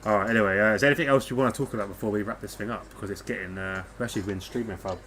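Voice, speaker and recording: A man's voice: on the low side, fairly even intonation, racing, a bit bright, a little hiss or hum. A young man co-hosting a casual podcast, laughing often and swearing freely, with British slang. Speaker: podcast co-host.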